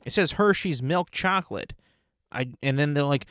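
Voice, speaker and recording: A man's voice: a little high, moderate pace, a bit bright, smooth, no room sound, clean studio sound. A man hosting a casual solo podcast, rambling playfully and savoring talk of food. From United States. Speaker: podcast host.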